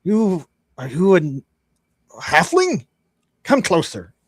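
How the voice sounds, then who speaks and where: A man's voice: high voice, huge pitch swings, slow, dry recording, voice pushed up, full character voice. A man voicing a blind, wry old dwarf hermit in a tabletop game, with a chuckling, rambling manner.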